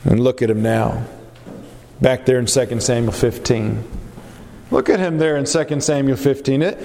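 A man preaching a sermon, emphatic, asking rhetorical questions and pausing for effect. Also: medium pitch, warm tone, a little hiss or hum. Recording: long hall reverb.

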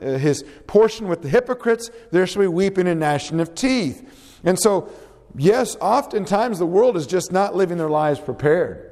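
A man's voice: high voice, a little mellow. Man preaching in a reverberant hall. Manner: earnest, exhorting, asks the congregation questions. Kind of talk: sermon.

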